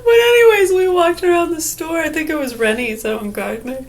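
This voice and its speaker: A woman's voice: high-pitched, a little fast. A woman rambling in a casual vlog monologue, crude and profane, laughing often, with a slight whistle through gaps in her teeth. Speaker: vlogger.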